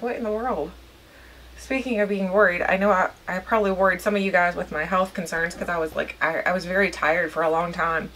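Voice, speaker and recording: A beauty vlogger with a medium-pitched, fairly bright voice chats to her viewers while doing her makeup in a casual get-ready-with-me video. She rambles, stays chatty, and makes fun of herself.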